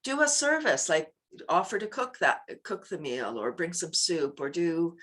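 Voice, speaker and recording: Lively chatty woman, bright voice. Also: lowish voice, measured pace. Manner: chatty, laughs often, bursts into loud laughter chants. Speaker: laughter yoga teacher. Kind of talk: casual interview chat.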